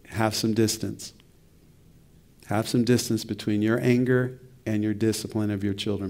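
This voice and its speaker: Gravelly-voiced man teaching a church study. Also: lowish voice. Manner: conversational, reflective, with soft laughs and restarts. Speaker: pastor.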